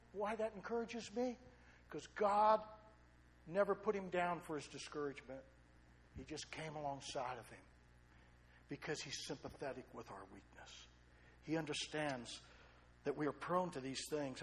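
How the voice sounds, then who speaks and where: A middle-aged male pastor preaching a sermon, swinging between loud excited storytelling and quiet, low asides. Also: normal speed.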